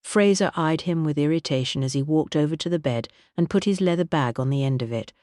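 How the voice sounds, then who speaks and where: A woman narrating a mystery audiobook in an expressive storytelling manner, recorded on a close studio mic. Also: sits low, fairly quick, no room sound.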